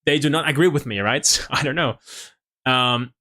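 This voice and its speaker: Young Mexican male streamer, native Spanish speaker, American-leaning accent, bright and slightly nasal, casual and giggly with lots of restarts. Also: mid-range voice, moderate pace. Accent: Mexican Spanish speaker with American-leaning English. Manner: laughing often, stammering restarts. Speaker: language-learning streamer. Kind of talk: casual live-stream chat.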